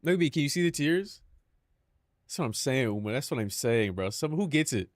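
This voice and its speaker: A man's voice: medium pitch, animated, a little fast, no room sound, clean studio sound. A young man chatting casually on a live stream, joking and mock-dramatic with lots of filler words.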